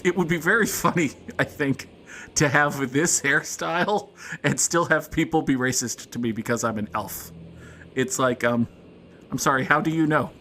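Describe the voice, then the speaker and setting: A man's voice: medium pitch, moderate pace, fairly bright tone, slight background noise. A man hosting a let's play, giving casual gameplay commentary with jokes, wry asides and frequent laughs.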